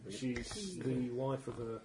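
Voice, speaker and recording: A man's voice: medium pitch, animated, takes it slowly, roomy sound, noisy background. A man running a tabletop game as game master, narrating with dry wit and many hesitations.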